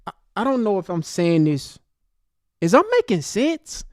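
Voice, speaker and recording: A man's voice: sits high, very animated, unhurried, darkish tone, dry recording, studio quality. A man hosting a commentary show, ranting angrily and addressing the person in a news clip directly. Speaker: commentary host. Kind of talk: heated commentary monologue.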